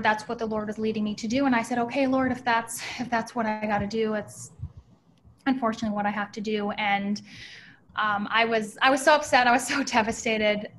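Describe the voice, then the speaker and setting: A young woman from the United States telling a personal faith story as a podcast guest, halting with many restarts and fillers. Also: mid-range voice, a bit bright, slight background noise.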